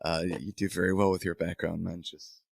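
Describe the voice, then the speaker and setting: A man's voice: low-pitched, flat delivery, brisk, gravelly, no room sound. A man hosting a casual tech podcast, talking through a sore throat. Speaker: podcast host.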